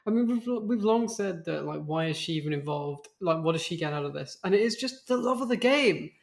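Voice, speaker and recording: Deadpan man co-hosting a podcast. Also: on the high side, brisk, creaky. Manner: dry, deadpan quips, lots of short agreeing backchannels. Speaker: podcast co-host. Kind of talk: casual chat.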